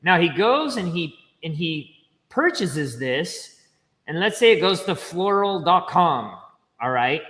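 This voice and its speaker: A man explaining banking step by step in casual livestream chat, chatty and quick to laugh. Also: fairly high pitch, sing-song, a bit bright, in a large hall. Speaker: finance educator guest.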